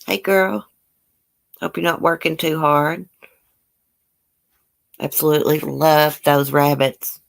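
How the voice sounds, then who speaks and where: A woman's voice: deep voice, flat delivery, slow pace, creaky, pauses often. A woman with a Southern US country accent hosting a casual livestream, answering viewer comments in a blunt, outspoken way and swearing freely. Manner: folksy country speech with drawled phrases. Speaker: YouTube livestream host. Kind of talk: casual live chat reading viewer comments.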